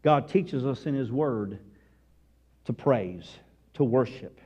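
A man preaching a sermon to his congregation, full of rhetorical questions and sudden shouted bursts. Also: medium pitch, slow, breathy edge, lo-fi sound. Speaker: pastor.

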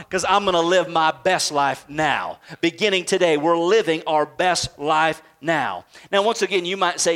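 A male pastor preaching a sermon with a call-and-response style, sometimes building to shouts. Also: sits high, moderate pace, hardly any pauses.

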